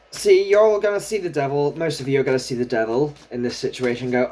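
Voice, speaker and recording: Brief: tarot reader, mid-pitched, casual and chatty, muses aloud over each card. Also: animated, brisk, few pauses, darkish tone. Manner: chatty, thinking aloud while drawing cards. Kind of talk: casual solo tarot reading.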